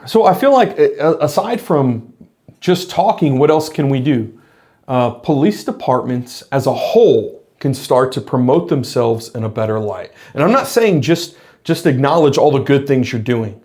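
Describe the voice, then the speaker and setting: A man's voice: mid-range voice, animated, normal speed, warm tone. A middle-aged man, a former police officer, talking earnestly in a reflective monologue to camera, explaining his points with frequent restarts.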